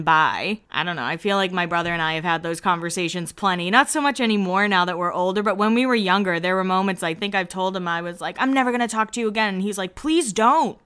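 A woman's voice: mid-range voice, fairly bright tone, clean tone. A young woman recapping a reality show in a chatty way, laughing often and acting out quotes. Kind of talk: casual chat recap.

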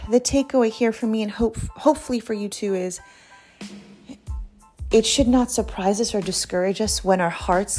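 A woman giving a casual devotional talk, earnest and chatty, laughing easily and speaking straight to her listeners. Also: mid-range voice. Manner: earnest and warm, laughs easily, addresses listeners as "you guys". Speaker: Christian devotional host.

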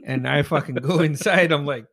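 A man's voice: on the high side, normal speed, creaky, a bit bright. A man hosting a podcast, casually telling a drunken story with lots of swearing and laughter. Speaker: podcast host.

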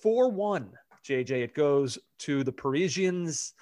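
A man's voice: fairly high pitch, animated, takes it slowly, darkish tone, no echo, clean studio sound. A man hosting a sports podcast, chatting casually and leading the discussion. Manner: conversational, leads the segment. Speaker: podcast host.

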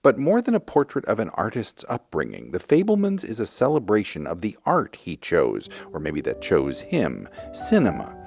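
A man film critic reading a scripted review with expressive, rising emphasis on key words. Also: on the low side, normal speed, gravelly, few pauses, husky, no room sound, clean studio sound, soft background music.

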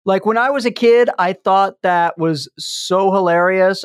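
A man's voice: high-pitched, fairly quick, hardly any pauses, no room sound, studio quality. A man in his fifties hosting a podcast, bantering playfully in casual chat. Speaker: podcast host.

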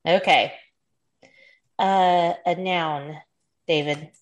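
A woman's voice: fairly low pitch, steady tone, very slow. A woman hosting a casual podcast chat, giggling often as she leads a word game. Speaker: podcast host.

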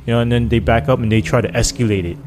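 A man's voice: mid-range voice, racing, slight background noise. A man who was a police officer, telling stories casually in an interview and acting out the people he quotes. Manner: animated, acts out quoted people with loose slang.

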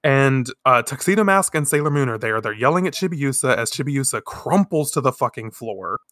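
Male podcast co-host, lively swinging pitch, bright tone, sweary and laughing; dry close mic. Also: brisk, no room sound. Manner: animated, swears often, laughs a lot. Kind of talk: casual recap chat.

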